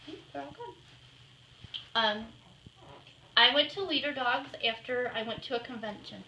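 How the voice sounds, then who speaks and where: A woman talking casually and patiently to a group of children in a home, pausing now and then to give short commands to her dog. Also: fairly high pitch, animated, pushed and bright. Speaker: guest speaker with a guide dog. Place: indoors in a home. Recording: roomy, distant home-video sound with faint noise.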